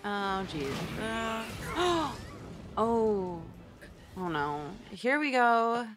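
Young woman, anime reaction commentary, high lively voice, exasperated gasps and groans. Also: very slow, noisy background. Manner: expressive, exasperated, gasping and groaning.

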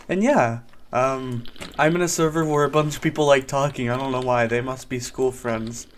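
A man's voice: medium pitch, steady tone, moderate pace, a little hiss or hum. A man giving casual gameplay commentary as a gaming YouTuber, joking and mock-serious while he chats at other players.

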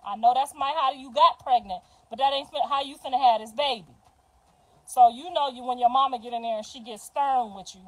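A mother telling a story on a livestream in a casual, animated style, acting out what others said. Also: high-pitched, brisk, low-quality recording.

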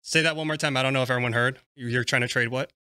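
A man's voice: medium pitch, steady tone, very fast, background noise. A young adult man hosting a board game show over a video call, chatty and teasing. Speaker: host. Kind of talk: casual game show chat.

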